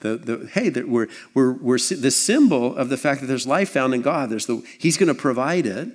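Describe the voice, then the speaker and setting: A man preaching a sermon as pastor, conversational and animated, acting out little scenes with asides. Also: mid-range voice, moderate pace, slightly rough. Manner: animated, acts out voices and scenes.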